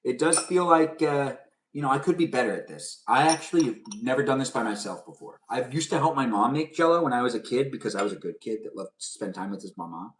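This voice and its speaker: A man's voice: medium pitch, expressive, fast talker, recorded from a distance. Rambling young man streaming from a kitchen. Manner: rambling, chatty, answers viewers' comments aloud. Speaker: live streamer making pudding. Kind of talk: casual live-stream chat while cooking. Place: home kitchen.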